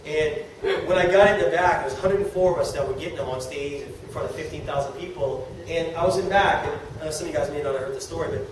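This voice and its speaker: A middle-aged man with a high voice gives a motivational talk to a live audience. He is excitable, repeats himself and laughs as he talks. The sound is distant and very echoey, with steady background noise. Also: fast talker, hardly any pauses. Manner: excitable, repeats words, laughs while talking. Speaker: network marketing speaker. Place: meeting room with an audience.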